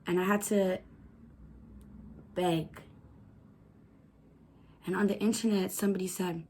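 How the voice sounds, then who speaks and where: Woman vlogger, personal story, halting delivery, fillers, low hushed voice at times. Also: fairly even intonation. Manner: halting, repetitive, many "like" fillers.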